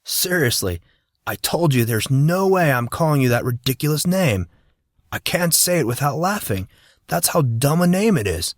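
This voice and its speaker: A man's voice: medium pitch, sing-song, measured pace, a bit bright, slightly rough, no room sound, clean studio sound, voice pushed up, full character voice. A man voicing a cocky, teasing teenage boy with a brash, mocking way of talking.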